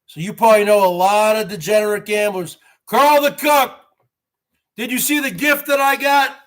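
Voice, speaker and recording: Brash stream host, from New Jersey, boastful and rambling, bright high voice. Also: male voice, steady tone, normal speed. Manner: boastful, repeats "folks" and "bottom line"; greets viewers by name. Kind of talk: boastful rambling live chat.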